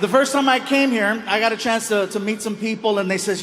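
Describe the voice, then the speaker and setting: High-voiced man doing stand-up. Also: fairly quick, few pauses. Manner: animated, acts out voices in his stories. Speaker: stand-up comedian. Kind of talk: stand-up storytelling. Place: live show before a loud crowd. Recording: live stage mic with loud crowd.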